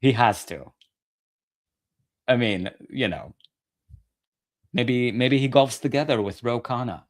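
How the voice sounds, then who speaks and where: A man's voice: mid-range voice, takes it slowly, pauses often. A man ranting in a political commentary video, profane, sarcastic and mocking.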